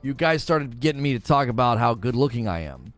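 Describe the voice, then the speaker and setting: Animated man in his forties, lively pitch. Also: fairly quick, soft background music. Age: 40s. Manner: animated, laughing storyteller. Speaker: livestreamer. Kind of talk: casual livestream chat with viewers.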